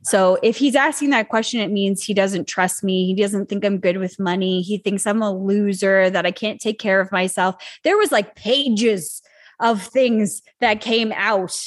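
A woman guest on a podcast, talking openly and telling a personal story, with lively jumps in pitch when she quotes people. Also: measured pace, no echo, clean studio sound. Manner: animated, acts out quoted dialogue with pitch jumps. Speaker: guest, author. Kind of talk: candid conversational storytelling.

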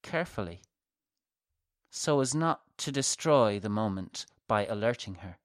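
A man reading a novel aloud as a measured audiobook narrator. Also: lowish voice, animated, no echo, studio quality. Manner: slow, measured.

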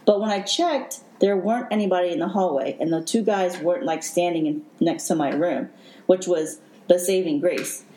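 A woman hosting a podcast who tells her own story in an emotional, halting way with many fillers. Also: fairly low pitch, warm tone. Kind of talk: personal storytelling. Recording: echoey room.

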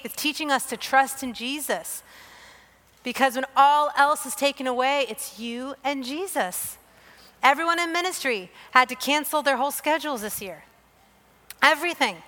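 A woman's voice: high-pitched, sharp tone. A woman preacher giving an earnest, emotional sermon, telling personal stories and often repeating her phrases. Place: church or hall with staff present. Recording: long reverb of a large hall.

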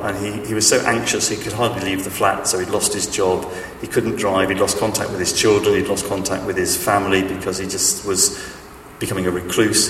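A man's voice: low-pitched, a bit bright, recorded from a distance, a little hiss or hum. A man giving a chatty sermon full of stories, with a self-deprecating humor and plenty of fillers and restarts. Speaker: preacher. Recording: echoey hall, speaker off-mic.

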